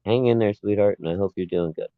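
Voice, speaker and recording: Low-voiced man on a tinny line. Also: fast talker, clear, resonant tone, dry recording. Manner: laid-back, chuckling storyteller. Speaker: podcast co-host. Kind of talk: casual chat.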